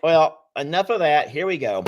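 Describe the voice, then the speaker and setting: A man's voice: a little high, animated, moderate pace, muffled recording. A man hosting a casual live stream, teasing and laughing often. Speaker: livestream host.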